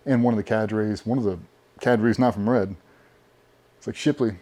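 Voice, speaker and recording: A man being interviewed, telling animated stories casually with plenty of swearing. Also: fairly low pitch, normal speed. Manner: profane, animated storyteller. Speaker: podcast guest.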